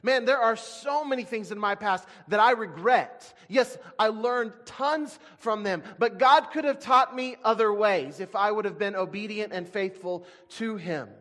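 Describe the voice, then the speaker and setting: A male pastor preaching a sermon to a congregation, emphatic and animated, swinging from loud bursts to quiet asides. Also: high-pitched, unhurried, hardly any pauses. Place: church sanctuary. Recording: long hall reverb.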